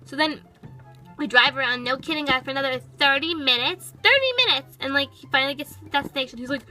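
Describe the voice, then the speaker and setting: A woman's voice: high-pitched, steady tone, fast, bright, forceful tone, soft background music, low-quality recording. A woman voicing a sassy, impatient pet toy girl, narrating a toy storytime with sarcastic, valley-girl chatter.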